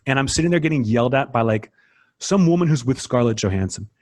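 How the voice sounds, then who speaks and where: A man's voice: mid-range voice, expressive, quick pace, darkish tone. A man in his forties, a comedian guest on a podcast, telling loose anecdotes full of fillers and casual swearing.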